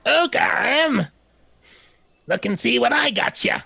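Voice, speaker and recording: A man's voice: very high-pitched, animated, slow pace, vocal fry, sharp tone, breathy edge, no room sound, voice pushed up, heavily acted. A man voicing an ugly, chattering male halfling guard who hawks visits eagerly for gold. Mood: excited.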